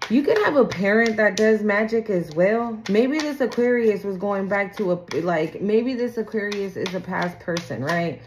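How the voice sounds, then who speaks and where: A woman's voice: mid-range voice, lively intonation, moderate pace, few pauses, a little hiss or hum. A woman doing a casual spiritual tarot reading, blunt and profane, acting out the people she talks about. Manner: blunt, profane, acts out quoted people in sing-song voices. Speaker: tarot reader.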